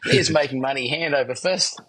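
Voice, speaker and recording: A man's voice: medium pitch, fast, a bit bright, rough recording. A middle-aged man, a podcast host telling cheeky stories with a laugh over a video call. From New Zealand. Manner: cheeky, laughing, rambling storyteller. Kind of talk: casual podcast chat.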